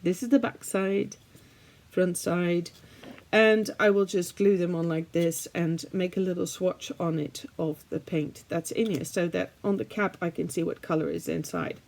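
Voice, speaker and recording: A Dutch art vlogger, a native Dutch speaker from the Netherlands, chats casually to camera in English with a faintly British-leaning Dutch accent. She's chatty and self-deprecating, using lots of fillers. Her lowish voice is steady, measured in pace, creaky and a little mellow.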